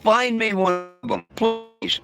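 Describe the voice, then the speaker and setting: A man's voice: high-pitched, wildly swooping pitch, slow, over music. A man talking bluntly and profanely to his livestream viewers, stumbling over his words and restarting often. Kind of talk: casual livestream rant.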